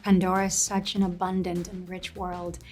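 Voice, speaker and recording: A woman's voice: fairly low pitch, completely flat delivery, normal speed, a little mellow, soft background music. Earnest, heartfelt woman actor. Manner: earnest, heartfelt, repeats words when eager. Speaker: actor being interviewed. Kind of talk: casual interview chat.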